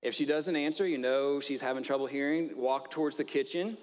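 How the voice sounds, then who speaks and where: A man's voice: mid-range voice, brisk, long reverb tail, close to an everyday voice. A man voicing a patient family doctor. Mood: advising. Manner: explains steps patiently. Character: calm male family doctor giving advice.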